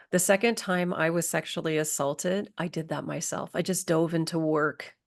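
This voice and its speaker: A middle-aged spiritual healing coach, her voice on the low side, guides listeners through a slow, soothing somatic exercise with affirmations.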